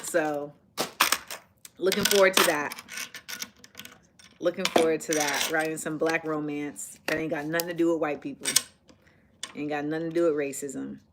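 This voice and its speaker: A woman hosting a live stream, chatting casually and telling a story in a sassy, animated way, acting out the dialogue. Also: low-pitched, normal speed, long pauses, heavy background noise. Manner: animated, sassy, acts out quoted exchanges. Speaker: livestream host.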